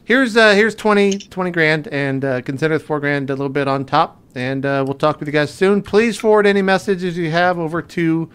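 A man's voice: fairly high pitch, fairly even intonation, brisk, few pauses, fairly bright tone, smooth, voice pushed up, close to an everyday voice. A man playing a brash new starship owner, rambling in a breezy announcer tone.

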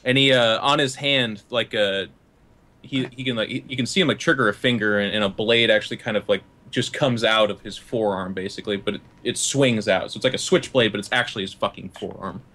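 Casting: male game master, bright voice, loose rambling narration. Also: lowish voice, brisk. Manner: rambling, full of fillers and laughs.

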